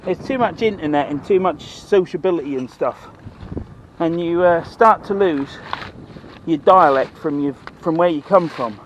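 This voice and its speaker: A fishing vlogger from Norfolk, England chats casually to camera outdoors by the water, rambling in broad local dialect. His voice is fairly high and moderately paced, with a little hiss or hum on the recording.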